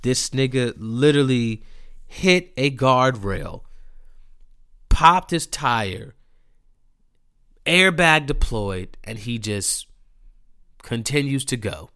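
Animated man telling a story. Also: mid-range voice, slow, pauses often, smooth. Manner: animated, profane, mimics friends in quotes. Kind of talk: casual storytelling monologue.

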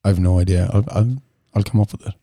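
A man's voice: sits low, fairly even intonation, fast, dark tone, no echo, clean studio sound. A young man with a Cork Irish accent, co-hosting a casual podcast chat and telling self-deprecating anecdotes. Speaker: podcast co-host.

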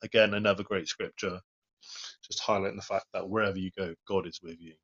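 A man gives a plain-spoken devotional talk in a fairly low voice. He reads scripture aloud and follows each verse with earnest comment. The recording is dull and lo-fi. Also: fairly even intonation, a little fast, fairly bright tone. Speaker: lay preacher.

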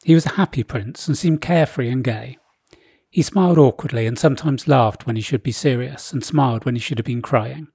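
A man reading a satirical comic story aloud in a dry, deadpan manner. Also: mid-range voice, brisk, gravelly, husky, no room sound.

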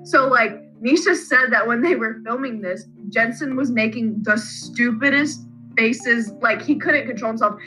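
Woman, casual podcast co-host, rambling animated retelling, bright tone, faint music behind. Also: fairly high pitch, a little slow, low-quality recording. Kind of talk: casual fan chat.

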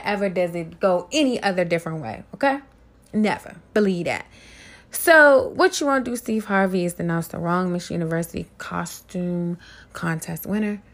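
A woman's voice: on the low side, creaky. A woman hosting her own podcast, riffing on celebrity gossip in a brash, profane, mocking way. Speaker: podcast host. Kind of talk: casual gossip commentary.

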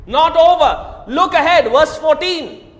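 A man's voice: very high-pitched, expressive, takes it slowly. A man preaching a sermon, asking the congregation questions and often raising his voice for emphasis. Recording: echoey hall.

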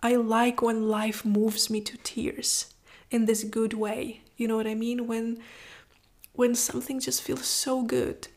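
Slow, soft-spoken heartfelt woman. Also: fairly high pitch, flat delivery. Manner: slow, heartfelt, often drops to a soft whisper. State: moved to tears. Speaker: vlogger. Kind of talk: personal reflective monologue.

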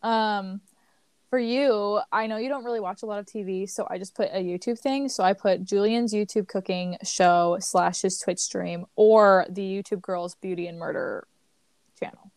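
A young woman talks with a friend over a video call, animated and quick to laugh, with plenty of swearing. Her voice sits at an ordinary pitch. The sound is close and dry. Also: smooth, no room sound. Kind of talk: casual chat, quiz game.

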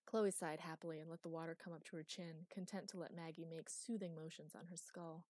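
A woman narrating an audiobook in a steady, wry storytelling manner. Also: low voice, fairly quick, few pauses, no echo. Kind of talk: scripted narration.

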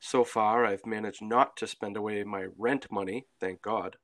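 Steady-voiced man co-hosting a sobriety podcast. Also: lowish voice, moderate pace. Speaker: podcast co-host. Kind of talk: scripted podcast talk.

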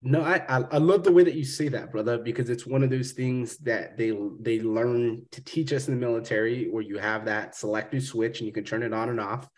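A man's voice: mid-range voice, steady tone, fairly quick, few pauses, a little mellow. A man hosting a podcast, talking in a rambling, profane, casual way and calling his guest brother. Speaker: podcast host. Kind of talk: casual interview chat.

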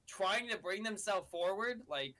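High-voiced young man reminiscing. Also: unhurried, rough recording. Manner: excited reminiscing, laughs. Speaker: podcast co-host. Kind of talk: casual chat.

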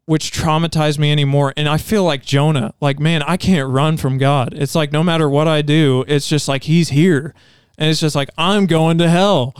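A man's voice: on the high side, little pitch movement, normal speed, few pauses, smooth, no echo, clean studio sound. A man on a podcast sharing a personal testimony in casual chat, telling it earnestly and rambling, with many restarts. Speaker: podcast co-host.

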